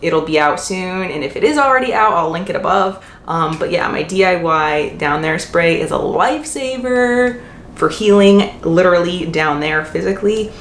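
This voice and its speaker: A young woman vlogs casually about motherhood, rambling and correcting herself as she goes. Her voice sits a little low for a woman. The sound carries the echo of a bare room with a faint hiss underneath. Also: expressive, normal speed. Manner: chatty, frequent fillers and self-corrections. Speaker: mom vlogger. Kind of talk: casual Q&A vlog.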